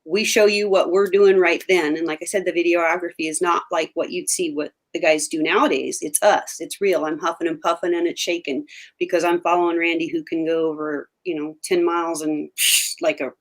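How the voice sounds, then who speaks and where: A woman's voice: on the low side, level tone, brisk. Chatty older woman, hunting show co-host. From Oregon. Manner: chatty and emphatic. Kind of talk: casual interview talk.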